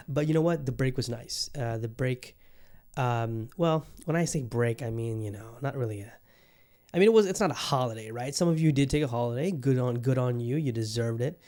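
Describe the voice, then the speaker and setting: A man's voice: medium pitch, warm tone. A young adult man hosting a podcast on his own, chatting casually in a rambling way with lots of fillers and restarts. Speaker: podcast host. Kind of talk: casual solo podcast chat.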